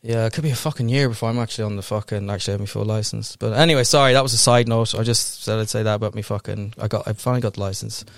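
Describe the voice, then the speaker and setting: A man's voice: fairly low pitch, rapid-fire, creaky, hardly any pauses, dry recording, clean studio sound. A young Irish man in casual chat, rambling and swearing freely as he tells stories. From Ireland.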